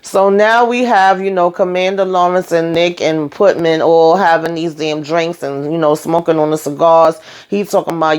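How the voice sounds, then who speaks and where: A woman giving a casual, blunt and expressive recap of a TV episode, often speaking directly to her viewers. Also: on the low side, moderate pace, smooth. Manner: sassy, blunt and expressive, with frequent asides to viewers. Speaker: TV recap vlogger.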